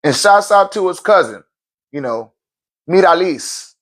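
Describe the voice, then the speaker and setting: A man's voice: high-pitched, expressive, unhurried, fairly bright tone. A man who is a spiritual teacher and event host, giving a casual motivational talk, cursing freely, laughing often and restarting phrases as he goes. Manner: profane, emphatic, laughs often; repeats words while restarting phrases.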